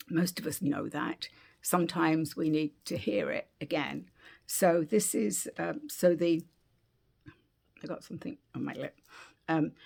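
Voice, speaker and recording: A British woman giving a gentle, unhurried spiritual oracle card reading at home, with frequent fillers and restarts. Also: low voice, gravelly, husky. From Britain.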